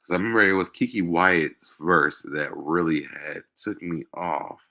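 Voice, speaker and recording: Host, male, low-pitched and emotional, halting confessional delivery with frequent fillers. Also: pushed and bright. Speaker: show host. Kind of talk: personal confessional monologue.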